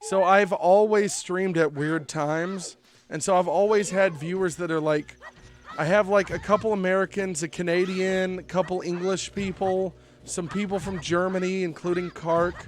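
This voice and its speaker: A man's voice: high-pitched, fairly even intonation, moderate pace. A young man streaming a game, chatting casually and joking with lots of fillers. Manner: rambling, joking, many fillers.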